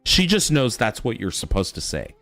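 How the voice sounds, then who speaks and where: Animated man telling stories, dry mic. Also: on the low side, moderate pace, gravelly, no echo, soft background music. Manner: animated storytelling, swearing. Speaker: streamer; father. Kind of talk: casual chat.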